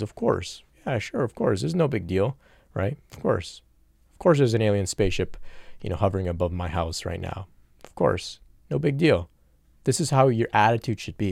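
A man's voice: on the low side, vocal fry, darkish tone, dry recording, studio quality. A man giving an emphatic spiritual talk to camera, repeating phrases and checking in with "okay?". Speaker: spiritual teacher.

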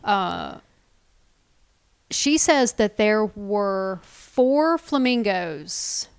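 A woman's voice: medium pitch, lively intonation, very slow, clear, resonant tone. A woman co-hosting a podcast in casual chat, chatty and prone to trailing off and restarting. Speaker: podcast co-host.

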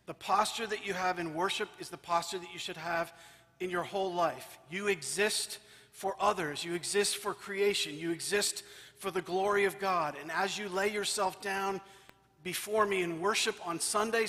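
A man preaching from the pulpit with a high, bright, forceful voice. He drives his points home by repeating phrases. A long church reverb trails behind every line. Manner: emphatic, repeating phrases for rhythm. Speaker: priest. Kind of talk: sermon.

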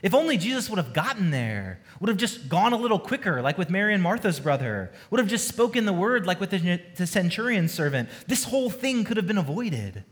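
A man preaching a sermon as pastor, earnest and storytelling, moving between hushed and emphatic delivery. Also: high-pitched, big pitch swings, a little fast, few pauses.

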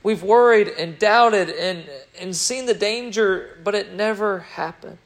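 A man with a notably high voice preaches a sermon. He swings between loud, emphatic bursts and quiet, reflective stretches. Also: measured pace.

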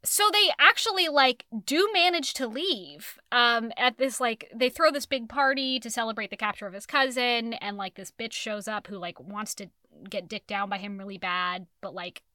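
A woman's voice: fairly high pitch, moderate pace, sharp tone, no echo, studio quality. A young woman co-hosting a casual book chat, swearing freely and acting out the characters she quotes. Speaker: podcast co-host.

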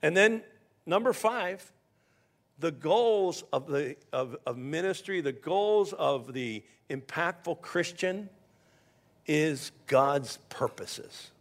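A male pastor preaching in an easy, conversational way, trading stories as he teaches from scripture. His voice sits a little high for a man and carries a gravelly edge, and he often stumbles into restarts. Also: lively intonation, slow pace. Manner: conversational preaching with personal stories and repeated starts. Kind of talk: sermon.

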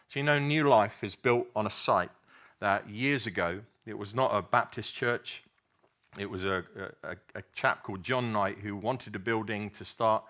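A man's voice: fairly low pitch, fairly bright tone. A man preaching a sermon, telling stories earnestly with frequent restarts and fillers.

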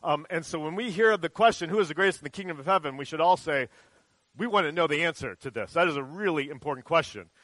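A man with a fairly high voice gives a children's sermon, chatty and animated as he tells the story. The sound is close and dry, with almost no room echo. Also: quick pace. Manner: conversational, animated storytelling with acted quotes. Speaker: pastor. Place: church sanctuary.

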